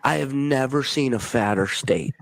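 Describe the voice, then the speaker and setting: A man's voice: mid-range voice, normal speed, vocal fry, no echo. A man telling boastful, profane showbiz anecdotes in a clip from his own podcast. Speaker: podcast host in played clip. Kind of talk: brash anecdotal storytelling.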